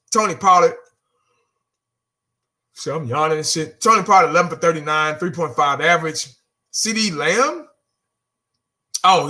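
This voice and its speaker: A man's voice: a little high, bright, forceful tone. A man giving a casual, blunt fan rant, exasperated, repeating himself and cursing now and then. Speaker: fan vlogger.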